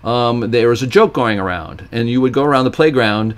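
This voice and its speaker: A middle-aged man from Ohio chats through a live Q&A stream at an ordinary pitch. He rambles and restarts his sentences, then tells stories in which he acts out the other people's voices with big jumps in pitch. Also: brisk, clean tone. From Ohio, USA. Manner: rambling with frequent restarts and fillers. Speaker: live stream host answering viewer questions. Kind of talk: casual live Q&A monologue.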